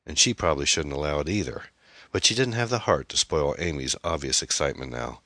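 A man narrating an audiobook in a measured, expressive storytelling manner. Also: rumbling low, no room sound.

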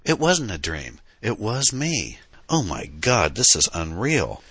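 A man reading an audiobook, voicing a young woman who is excitable and awestruck and tells her story in a breathless rush. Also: lowish voice, husky, dry recording, pitched above the performer's own voice, heavily acted. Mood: astonished. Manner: breathless, rushed telling.

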